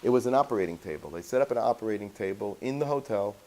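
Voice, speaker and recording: Low, mellow-voiced rabbi telling a story. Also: male voice, racing. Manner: animated anecdotal storytelling with Yiddish and Hebrew terms. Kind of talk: storytelling talk to a class.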